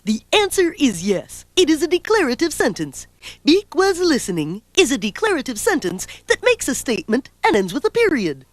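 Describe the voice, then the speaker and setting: A woman's voice: high voice, huge pitch swings, moderate pace, no room sound. A woman voicing an easygoing cartoon kid who explains quiz answers in a 1980s educational video. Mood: explaining. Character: laid-back cartoon kid who says dude.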